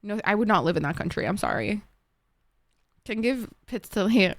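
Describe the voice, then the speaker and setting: A woman's voice: medium pitch, lively intonation, normal speed, long pauses, no echo. A young woman from Egypt, a streamer chatting casually with viewers from her desk at home, filling her talk with "like" and swearing freely. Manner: chatty, lots of "like", frequent swearing. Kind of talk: casual chat answering viewers.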